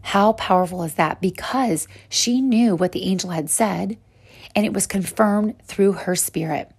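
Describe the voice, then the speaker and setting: A woman's voice: medium pitch, unhurried, a little mellow, breathy edge. Earnest woman teaching a devotional. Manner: earnest, encouraging, addresses listeners as "sister friend". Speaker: podcast host and Bible teacher.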